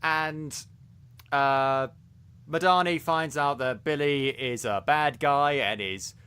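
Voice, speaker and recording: A man's voice: on the high side, slow pace, pushed and bright, smooth. A man co-hosting a podcast, reviewing a series in casual chat, talking animatedly with many restarts and stumbles. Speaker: podcast co-host.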